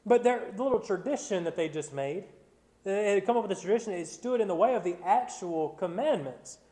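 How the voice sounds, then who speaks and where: Man preaching a Bible study, pitched high, earnest and emphatic, in a big echoing sanctuary. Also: animated, warm tone. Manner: reads scripture slowly, then preaches with rising emphasis; repeats words when restarting. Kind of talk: sermon. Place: church sanctuary. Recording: church sanctuary with long reverb.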